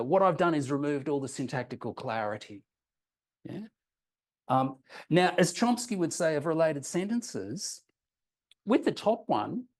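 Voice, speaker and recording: A man's voice: on the high side, a little mellow. A man presenting an academic paper with slides, explaining patiently and checking in with listeners, with frequent ums and restarts. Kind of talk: conference talk with slides.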